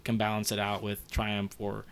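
A man's voice: fairly low pitch, completely flat delivery, normal speed, vocal fry, a bit bright, a little hiss or hum. A man in his thirties talking in a casual, heartfelt, rambling way, with lots of fillers and some swearing. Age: 30s. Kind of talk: casual conversation.

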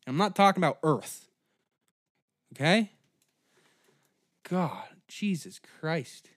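A man hosting a comedy podcast, delivering a profane, mocking, angry rant that swings between shouting and muttering. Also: a little high, very animated, slow, no room sound, clean studio sound.

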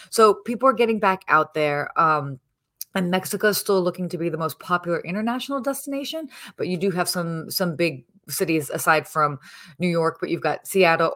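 A woman speaking quietly from a hotel early in the morning, giving a chatty hospitality news segment with plenty of fillers. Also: on the low side. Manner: hushed, softly spoken. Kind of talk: casual news segment, then chat.

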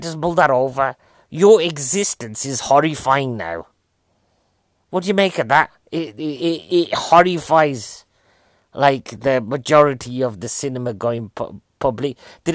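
A man's voice: medium pitch, dry recording, clean studio sound. Rambling, jokey man in his forties. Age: 40s. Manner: rambling, jokey, self-mocking. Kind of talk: casual film review chat.

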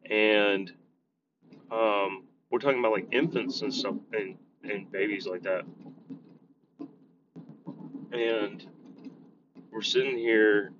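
Deep-voiced blunt man talking in a car. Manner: blunt, swears freely. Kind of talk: casual rambling vlog. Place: inside a moving vehicle. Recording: dull lo-fi sound with road noise.

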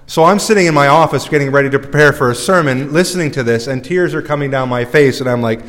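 A man's voice: medium pitch, quick pace, a bit bright, long reverb tail. A male priest preaching a sermon in a conversational, self-deprecating way, recorded in a church.

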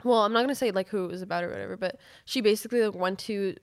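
A woman's voice: mid-range voice, racing, smooth, no room sound, clean studio sound. A young woman telling a story as a podcast guest, rambling with constant fillers and swearing. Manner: rambling, filler-heavy, profane, animated retelling. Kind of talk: casual storytelling.

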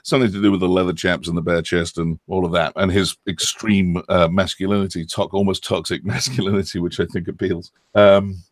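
A man's voice: low voice, fairly even intonation, a little fast, hardly any pauses, no room sound, studio quality. A middle-aged British man, an actor and former acting coach, explaining at length in a chatty, self-deprecating way with many ums. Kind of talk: interview answers.

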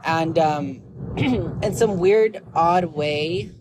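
Speaking very slowly and on the low side, a young woman vlogger opens up in a blunt, rambling, emotional confession full of filler words. Background noise is present.

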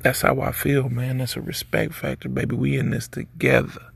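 Male podcast host, gravelly and husky, easygoing preachy delivery. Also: medium pitch, level tone, normal speed. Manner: laid-back, preachy, street slang. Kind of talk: casual advice monologue.

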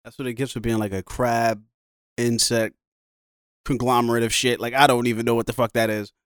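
A man in casual chat, talking loosely and fast with slang and frequent laughs. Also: medium pitch, flat delivery, clear, resonant tone, dry recording, studio quality.

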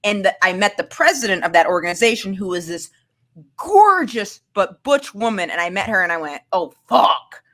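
A woman's voice: mid-range voice, brisk. A young adult woman casually telling a candid personal story, acting out the voices of the people in it. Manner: candid, animated, acts out quoted voices. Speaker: storyteller guest.

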